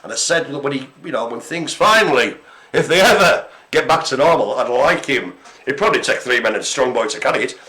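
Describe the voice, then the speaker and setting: A man co-hosts a live care-centre broadcast, chatting casually and telling jokey stories loaded with fillers. His medium-pitched voice is expressive, brisk, bright and forceful.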